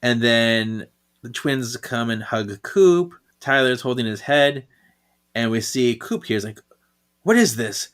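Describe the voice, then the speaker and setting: A man's voice: medium pitch, unhurried, a bit bright, smooth. A man co-hosting a podcast in casual chat, thinking aloud and laughing often as he recaps a comic. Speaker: podcast co-host.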